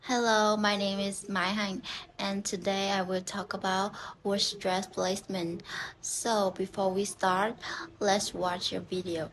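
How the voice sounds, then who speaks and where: A woman with a Vietnamese accent giving a class presentation in a slow, plain, scripted way. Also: mid-range voice, little pitch movement, fairly bright tone, slight background noise, poor audio. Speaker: student presenter.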